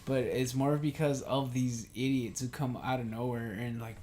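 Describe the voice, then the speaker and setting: A man's voice: medium pitch, fairly even intonation, normal speed, dark tone, slight background noise. A young man co-hosting a casual podcast chat, ranting heatedly and swearing a lot. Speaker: podcast co-host.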